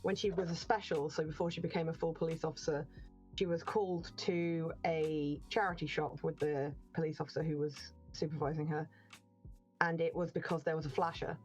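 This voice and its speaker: A woman co-hosting a game stream, telling anecdotes in a chatty way with plenty of ums and laughing through her stories. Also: sits low. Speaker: stream co-host. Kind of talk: casual storytelling chat.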